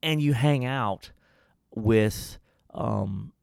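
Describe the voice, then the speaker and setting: Male pastor, folksy and emphatic, rough gravelly voice. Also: mid-range voice, very slow, a little mellow, dry recording, clean studio sound. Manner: emphatic, folksy, preacherly asides. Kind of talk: casual Bible-study chat.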